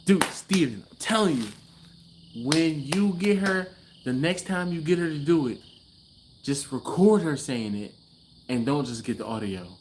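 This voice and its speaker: A man's voice: on the high side, darkish tone, a little hiss or hum. Laid-back man hosting a garage livestream. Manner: laid-back, chatty, laughs often, trails off. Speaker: livestream host. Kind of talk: casual live-stream chat reading comments.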